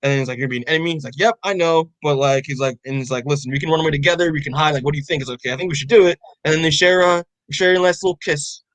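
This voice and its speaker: Rambling, profane young man, fairly high voice. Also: rapid-fire, few pauses, a bit bright, no room sound, low-quality recording. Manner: rambling, swears freely, many fillers. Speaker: podcast co-host. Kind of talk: casual chat recapping a comic.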